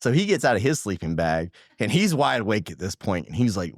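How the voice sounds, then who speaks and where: Animated man telling a campfire story. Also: lowish voice, a little fast, no echo, clean studio sound. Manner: animated, laughs often, acts out sounds and quotes. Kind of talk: casual storytelling.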